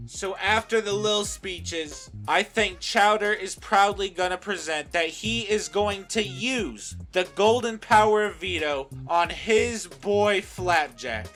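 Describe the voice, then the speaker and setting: A man's voice: sits high, takes it slowly, hardly any pauses, a bit bright, soft background music. A man narrating fan speculation in a chatty way, hedging with fillers. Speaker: youtuber.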